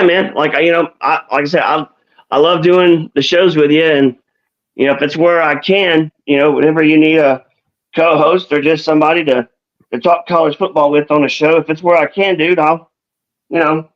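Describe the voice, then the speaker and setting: A man's voice: fairly high pitch, fairly even intonation, normal speed, muffled recording. A man co-hosting a live stream in a rambling, casual way, with many restarts. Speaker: co-host.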